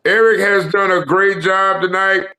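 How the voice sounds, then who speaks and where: A man's voice: sits high, steady tone, a little slow, pushed and bright. A man on a call-in panel, teasing the others in a playful, slangy way. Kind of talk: casual panel chat.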